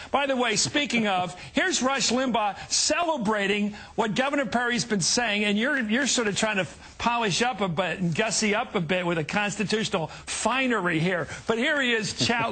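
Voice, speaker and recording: A man's voice: high voice, fairly bright tone, husky. A middle-aged man hosting a combative political talk show, pressing his guest with sarcasm and interruptions.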